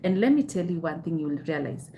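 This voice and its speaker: A woman's voice: low voice, animated, quick pace, dark tone, a little hiss or hum. A young Kenyan woman hosting a live self-help stream, answering viewers' comments candidly and repeating her advice, with Swahili phrases mixed in.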